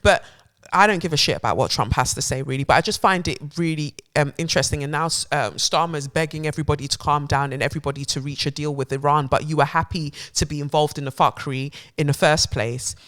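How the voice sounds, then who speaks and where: A woman's voice: low-pitched, fast. Sarcastic woman ranting on news. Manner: sarcastic, animated, swears freely; reads headlines aloud then riffs on them. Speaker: podcast host.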